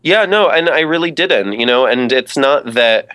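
Lively, bright-voiced young man. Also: mid-range voice, normal speed, clean tone. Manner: lively, many fillers and restarts. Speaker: podcast guest, drag performer. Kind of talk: casual interview chat.

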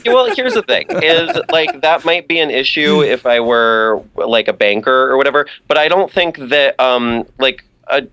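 A man's voice: mid-range voice, moderate pace, hardly any pauses, clean tone. A young man talking casually as a podcast guest, full of fillers and restarts. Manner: lively, many fillers and restarts. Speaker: podcast guest, drag performer. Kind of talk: casual interview chat.

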